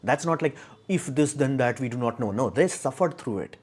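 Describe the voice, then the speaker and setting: A man's voice: medium pitch, expressive, normal speed, a little mellow, slightly rough. A young man from India hosting a casual livestream, talking in a blunt, argumentative, rambling way. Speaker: live stream host.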